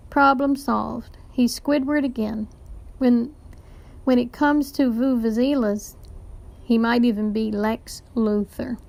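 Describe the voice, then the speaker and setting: A woman teacher reading a children's novel aloud to a class, with lively storytelling narration. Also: fairly high pitch, measured pace, gravelly.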